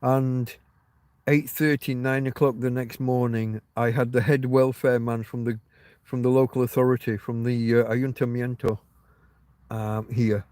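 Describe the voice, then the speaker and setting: A man's voice: mid-range voice, flat delivery, a little slow, a little mellow, dry recording. Rambling, swearing man live-chatting. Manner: rambling, profane, wry storytelling. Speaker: livestream host. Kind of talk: casual livestream chat. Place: outdoors on private land.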